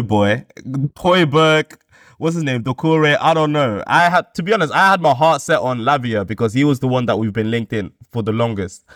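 A man muses over a football question on a podcast. He hesitates, restarts and drifts between thoughts in casual slang. His mid-pitched voice sounds close and dry. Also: moderate pace, fairly bright tone, no echo. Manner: hesitant, thinking aloud with slang. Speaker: podcast guest pundit.

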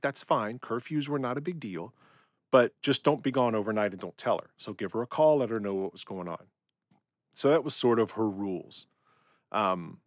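Low-voiced man telling family stories. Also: no echo, studio quality. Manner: relaxed storytelling with frequent fillers. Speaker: podcast host. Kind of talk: personal reflective monologue.

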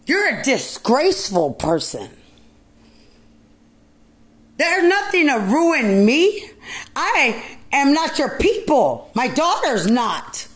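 A woman, a mother, delivering an angry, profane rant that keeps circling back to the same accusations and often breaks into shouting. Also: sits high, huge pitch swings, slow, pauses often. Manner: furious, accusing, repetitive, swings into shouting.

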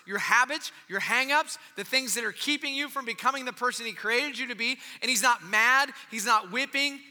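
A man preaching a sermon as a pastor, casual and joking, swinging from loud storytelling to quiet, intimate asides. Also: very high voice, in a large hall. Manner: casual, joking delivery with slang and restarts.

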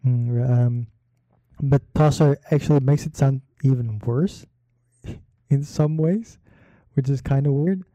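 Man, casual solo talk, slow, very mellow dark tone, dry sound, filler-heavy rambling. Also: medium pitch, dry recording. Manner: rambling, many fillers and pauses; slow, relaxed delivery. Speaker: podcast host.

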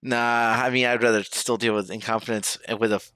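A man's voice: mid-range voice, flat delivery, fairly quick, pushed and bright, clear, resonant tone, no room sound. A man co-hosting a casual podcast with dry, wisecracking remarks. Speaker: podcast co-host.

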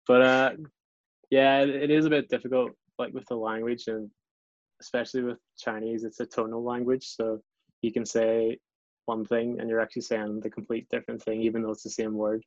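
A man with a Northern Irish accent chatting casually as a guest, relaxed and self-deprecating, often restarting his sentences. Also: mid-range voice, a little fast, dry recording. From Northern Ireland. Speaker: guest, English teacher abroad. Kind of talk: casual chat. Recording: dull lo-fi recording, dry.

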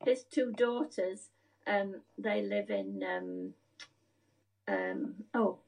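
Older woman with a breathy voice, reminiscing. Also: medium pitch, wildly swooping pitch, extremely slow, a little mellow, poor audio. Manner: rambling storyteller, searches for words. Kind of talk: casual conversation, reminiscing.

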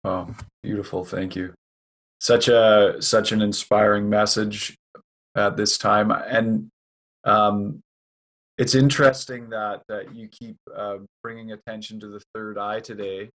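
Male interview host, lowish, halting delivery, thoughtful questions. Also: little pitch movement. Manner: warm, hesitant, searching for words. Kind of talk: conversational interview.

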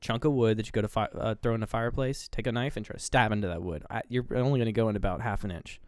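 A man's voice: lowish voice, rapid-fire, dry recording, clean studio sound. A man co-hosting a podcast, casually retelling a horror movie scene by scene and acting out the characters' lines. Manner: animated retelling, acts out lines from the film. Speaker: podcast co-host. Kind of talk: casual movie review chat.

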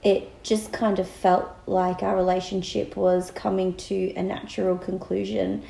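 An Australian woman in her thirties chats on a podcast, giggly and open. Her voice has a gravelly fry, and she takes her time. The sound rings a little in the room. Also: mid-range voice, little pitch movement, unhurried, mellow, echoey room, low-quality recording. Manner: chatty and giggly, with laughing asides. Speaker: podcast co-host. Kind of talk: casual podcast chat.

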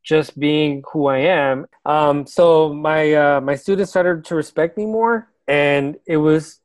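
A man with a slightly high voice tells his own story in an unhurried, heartfelt way, as a teacher looking back on his classroom. He sounds reflective and sincere and laughs lightly here and there. The recording is close and dry, with no room sound. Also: dry recording. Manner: earnest, reflective, laughs now and then. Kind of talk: casual personal storytelling.

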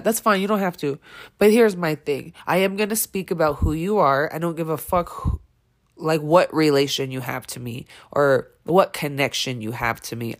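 A woman speaking on her podcast in a candid personal monologue. She is blunt and emphatic, swears often, and halts with many fillers and restarts. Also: low-pitched. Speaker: podcast host.

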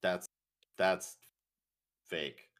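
A man talking as a podcast guest, a bit hesitant and quick to laugh. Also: low voice, steady tone, fairly bright tone, slight background noise. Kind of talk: casual podcast chat.

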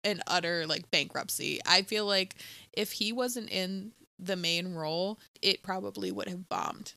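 A young woman co-hosting a casual movie chat, retelling scenes in a chatty, animated way. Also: fairly low pitch, unhurried, creaky, dry recording. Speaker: podcast co-host.

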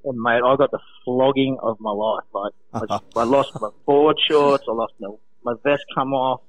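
An Australian man calling in to a radio show from home, telling stories in an animated way, laughing often and acting out quotes. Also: medium pitch, normal speed. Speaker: guest, former lifeguard. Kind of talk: casual storytelling on a radio call. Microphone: phone. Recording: tinny phone line.

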